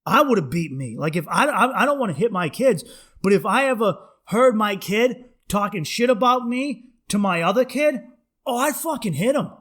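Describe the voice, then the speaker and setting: A man's voice: high voice, expressive, moderate pace, fairly bright tone. A young man hosting his podcast, telling stories in a loose, profane, rambling way. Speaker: podcast host. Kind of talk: casual monologue.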